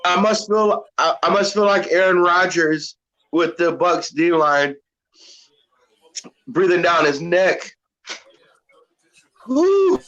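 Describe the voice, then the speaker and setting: This video caller sits high in pitch, with a pushed, bright, steady tone and a slow pace. He's on a live call-in chat after a hot chip challenge, groaning through a burning mouth and teary eyes, heard over dull, lo-fi call audio.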